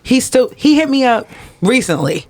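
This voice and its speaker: Animated, profane young woman host. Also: a little high, moderate pace. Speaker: podcast co-host. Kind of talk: casual chat.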